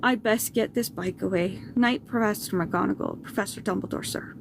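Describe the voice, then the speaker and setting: A woman voicing a big, gruff but soft-hearted male giant in a storybook reading, humble and polite. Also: medium pitch, normal speed, noisy background, close to an everyday voice. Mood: muffled. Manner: humble, says sir often.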